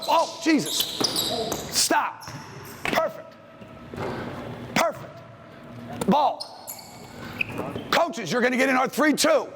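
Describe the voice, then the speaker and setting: Brief: male clinic coach, lively up-and-down delivery, snaps quick commands on court, faint noise behind. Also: very high voice. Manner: brisk commands, calls out plays. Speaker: basketball coach leading a clinic. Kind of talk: on-court coaching drill instruction. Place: school gym.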